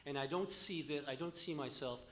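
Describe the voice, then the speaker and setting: A man's voice: on the high side, fairly quick, fairly bright tone, a little hiss or hum. A man, a physician, making an emphatic comment from the floor at a conference, often dropping his voice at the ends of phrases. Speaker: physician asking a question from the floor. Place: conference hall.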